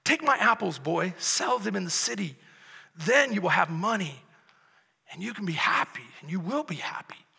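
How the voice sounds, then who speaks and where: A pastor reading aloud as a generous, motherly female apple tree in a storybook, coaxing and gentle. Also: sits high, animated, moderate pace, gravelly, breathy edge, in a large hall, heavily acted. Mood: kind.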